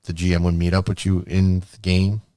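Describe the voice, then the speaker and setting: A man on a casual gaming podcast tells a story, slipping into animated bits where he replays what he said. He sits a little back from the mic, which catches his voice in a dry, dead room. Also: deep voice, a little fast, clear, resonant tone, dry recording, recorded from a distance. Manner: animated, acts out his own past lines. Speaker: podcast co-host.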